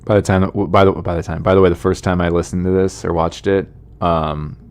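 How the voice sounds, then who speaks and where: Deep-voiced man rambling on a podcast. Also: little pitch movement, a little fast, a little mellow, soft background music. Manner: rambling, self-deprecating, chatty asides to listeners. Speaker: comedian and podcast host. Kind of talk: casual podcast monologue.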